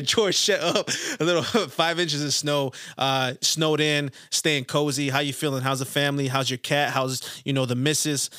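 A man hosting a casual football podcast, talking in an excited, emphatic way and swearing for emphasis. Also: medium pitch, no room sound, studio quality. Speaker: podcast host. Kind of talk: casual sports podcast chat.

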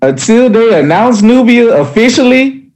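A man's voice: very high-pitched, very animated, normal speed, background noise. A man in a casual movie review chat, blunt, emphatic and slangy.

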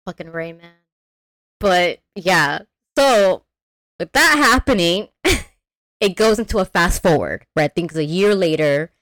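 A woman hosting a podcast, giving a casual, animated movie recap, swearing freely and acting out the characters. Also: lowish voice, measured pace, pauses often, no room sound. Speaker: podcast host. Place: remote call.

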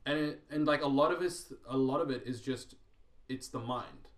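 A man's voice: mid-range voice, normal speed, reverberant. A man talking casually on a podcast, loose and profane, rambling with restarts and fillers. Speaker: podcast host.

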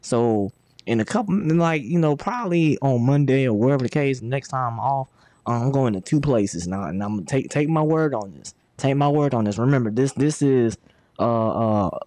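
A man's voice: mid-range voice, expressive, normal speed, darkish tone, no echo. A man hosting a podcast in casual chat, often stammering and repeating words. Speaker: podcast host.

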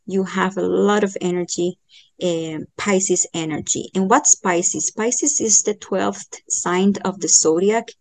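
Slow-talking woman with dry close sound. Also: medium pitch, darkish tone, dry recording. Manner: slow, thoughtful, many fillers and restarts. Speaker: astrologer giving a chart reading. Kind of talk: podcast interview, explaining.

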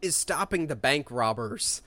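A man in casual chat as a podcast co-host, enthusiastic and quick to act out excited quotes. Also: fairly high pitch, no room sound.

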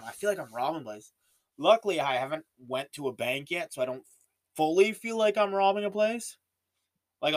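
A man's voice: mid-range voice, a bit bright. A young Canadian man with a Canadian accent, hosting a solo podcast in a casual, rambling way with many fillers and restarts. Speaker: podcast host.

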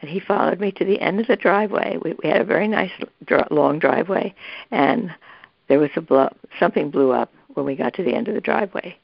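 A woman's voice: lowish voice, lively intonation, brisk, vocal fry, breathy edge, dry recording. An older woman telling a family story in a rambling way, restarting her sentences often, recorded lo-fi. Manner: rambling, with many restarts and asides. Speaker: interviewee recalling family history. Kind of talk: casual storytelling. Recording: dull, lo-fi, dry recording.

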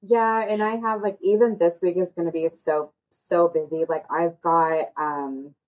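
A woman's voice: lowish voice, fairly even intonation, a little slow, a little mellow, poor audio. A woman co-hosting a podcast, talking bluntly, swearing freely and rambling in casual chat. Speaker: podcast co-host.

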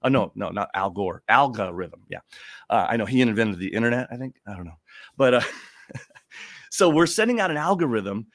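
A man guest who does stand-up comedy, chatting casually in a rambling, animated way. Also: mid-range voice, normal speed, no echo, clean studio sound. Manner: rambling, animated storyteller, laughs often. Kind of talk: casual chat.

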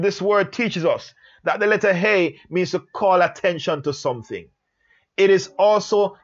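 A man teaching a Bible study lesson on a Hebrew letter, speaking slowly and emphatically and repeating phrases for stress. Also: sits high, lo-fi sound.

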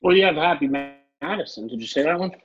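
A man's voice: on the high side, animated, fast, music in the background. A man co-hosting a sports podcast, chatting in an upbeat, joking way. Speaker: podcast co-host. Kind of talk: casual sports chat. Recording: dull lo-fi line.

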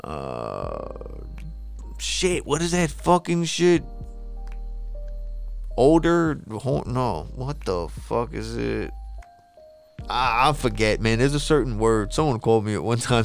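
A man's voice: mid-range voice, big pitch swings, a little slow, vocal fry, long pauses, faint music behind. A man, talking casually and rambling, swearing a lot and losing his train of thought. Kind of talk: casual monologue.

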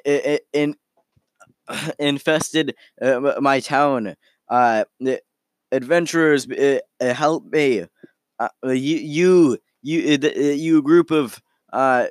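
A man's voice: medium pitch, slow pace, smooth, no echo, lightly acted. A man voicing a nervous townsman who stammers and rambles while begging for help. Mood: panicked. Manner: stammering, panicky.

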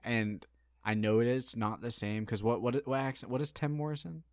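A man's voice: mid-range voice, fairly even intonation, normal speed, no echo, studio quality. A man with a West Coast American accent co-hosting a podcast in casual chat, eager and profane, often saying "like". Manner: enthusiastic, profane, says like a lot. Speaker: podcast co-host.

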